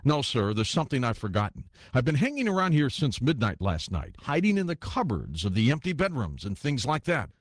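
A man's voice: mid-range voice, very animated, fairly quick, hardly any pauses, no room sound, clean studio sound. A man voicing a timid, awkward young male ghost who answers apologetically in an audiobook. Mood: meek, apologetic. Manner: apologetic, hesitant, deferential. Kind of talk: audiobook character voice.

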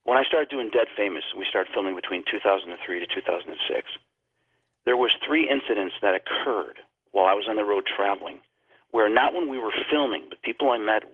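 A man's voice: on the low side, husky, dry recording. A man telling a paranormal story as a guest on a talk show, acting out the people he quotes. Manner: animated, acts out quoted dialogue. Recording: phone-line sound.

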